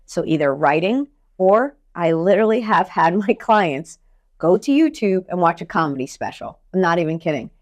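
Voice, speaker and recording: A woman mental skills coach talking in a podcast interview, energetic and blunt, telling stories with casual swearing. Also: fairly low pitch, moderate pace.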